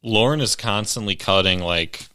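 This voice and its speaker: Deep bright-toned young man chatting casually. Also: moderate pace, clean tone, dry recording, studio quality. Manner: relaxed, filler-heavy talk. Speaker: podcast co-host. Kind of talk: casual chat.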